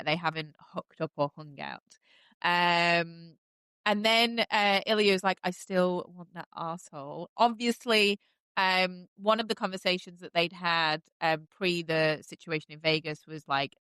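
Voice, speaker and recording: A woman's voice: lowish voice, a bit bright, clean tone, no echo. A woman hosting a podcast, recapping a TV show in casual, enthusiastic chat with lots of fillers. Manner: chatty and enthusiastic, many fillers. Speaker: podcast host.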